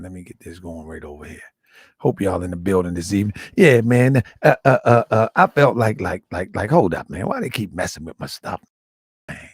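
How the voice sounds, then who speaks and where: A slightly hoarse man hosting a livestream, talking casually and muttering asides as he sets things up. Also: deep voice, expressive, moderate pace, no room sound, studio quality. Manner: chatty, repetitive, muttering asides while setting up. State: slightly hoarse, lost some voice. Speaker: livestream host.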